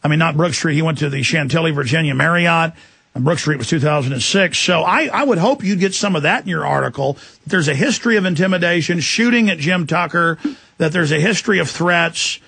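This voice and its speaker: Forceful high-voiced raspy male radio host. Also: lively intonation, dry recording. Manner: forceful, urgent, rapid asides. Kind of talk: talk radio interview.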